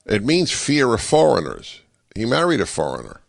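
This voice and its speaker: A male talk radio host with a gravelly edge to his voice, swinging his pitch up and down as he picks apart what he hears. His delivery is sarcastic and full of wry asides. The sound is dry and close, from a studio microphone with no room around it. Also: huge pitch swings, moderate pace, no room sound. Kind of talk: political commentary monologue.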